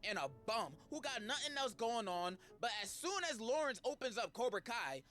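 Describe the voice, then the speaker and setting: A man doing a sarcastic, slangy comedy rant in a fairly high voice that swoops around a lot. Background music plays under his voice throughout. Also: sing-song, normal speed, pushed and bright. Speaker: video commentator.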